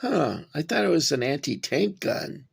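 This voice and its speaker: Guy with a gravelly voice chatting thru a toy review at home, lots of uhs. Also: on the high side, big pitch swings, normal speed. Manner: rambling, talks to viewers as guys, frequent fillers. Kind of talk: casual hobby review. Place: cramped home workspace.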